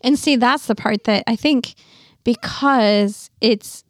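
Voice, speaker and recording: A woman's voice: a little high, slow pace, no echo, clean studio sound. A woman co-hosting a casual Bible study podcast, an agreeable listener adding her own thoughts. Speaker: podcast co-host.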